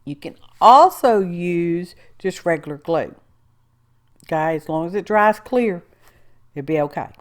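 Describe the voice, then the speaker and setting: Slow-talking woman crafter. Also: on the low side, expressive. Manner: chatty and rambling, with self-talk and asides. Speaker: craft video host. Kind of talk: casual crafting tutorial narration.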